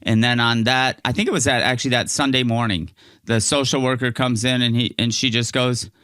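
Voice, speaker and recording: A man's voice: mid-range voice, a little fast, smooth, no room sound, clean studio sound. A man, a podcast guest, telling his personal story frankly in casual conversation and acting out what people said. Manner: frank, animated storyteller who acts out quotes.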